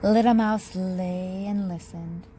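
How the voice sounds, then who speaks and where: A woman teacher reading a picture book aloud with slow, expressive storytelling. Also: mid-range voice, a little hiss or hum, low-quality recording.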